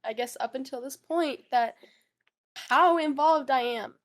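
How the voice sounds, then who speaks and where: A woman's voice: high-pitched, unhurried. A young woman giving an emotional interview as a witness, tearful and upset, stumbling and repeating words as she apologizes.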